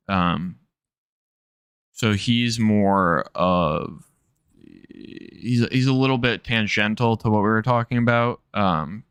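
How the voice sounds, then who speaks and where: Nasal male streamer, slow and low-pitched, smooth tone, rambling casual commentary with swearing. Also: a bit bright, no room sound, clean studio sound. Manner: rambling, self-interrupting, sprinkled with profanity.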